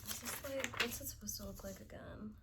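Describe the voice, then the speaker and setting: A woman's voice: on the high side, brisk. A woman vlogging at home, chatting casually and giggling as she thinks aloud and mutters assembly instructions. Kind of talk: casual self-talk while assembling furniture. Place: at home, indoors. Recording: clear background noise.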